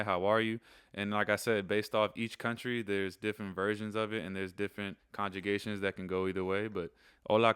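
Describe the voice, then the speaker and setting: A young man casually explaining Spanish phrases in a rambling, relaxed way, slowing down when he repeats them. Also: on the low side, clear, resonant tone, no echo, clean studio sound. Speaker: host teaching Spanish phrases. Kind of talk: casual instructional video.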